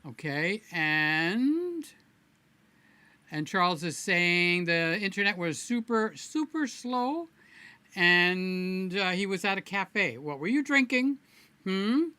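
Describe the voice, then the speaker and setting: A man hosting a live stream in a loose, rambling, playful chat, greeting viewers one by one. His voice is bright and forceful, and the sound is close and dry with no room echo. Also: sits high, expressive, takes it slowly, clear, resonant tone. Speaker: livestream host.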